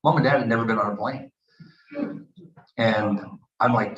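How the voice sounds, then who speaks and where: A man's voice: on the low side, normal speed. Storytelling Canadian man in his sixties. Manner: animated anecdotes with acted quotes. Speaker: retired hockey player and author. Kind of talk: storytelling at a book event. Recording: echoey, dull room recording.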